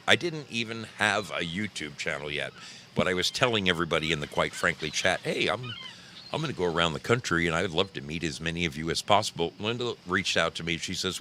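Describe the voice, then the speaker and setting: A low-voiced man hosts a casual livestream, greeting his viewers one by one in a folksy, chatty way. His tone is bright and forceful despite the deep pitch. A faint hiss sits under his voice. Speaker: livestream host.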